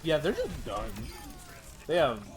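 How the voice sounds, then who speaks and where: A man's voice: fairly high pitch, wildly swooping pitch, measured pace. A man in his thirties streaming a game, talking casually in a joking, profane, playfully repetitive way. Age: 30s. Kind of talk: casual gaming stream commentary.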